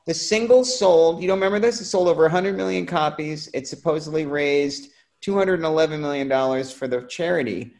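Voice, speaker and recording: Male co-host, lightly raised pitch, lively anecdotal storyteller. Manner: animated anecdote telling, quick asides. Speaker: podcast co-host. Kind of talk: casual chat, storytelling.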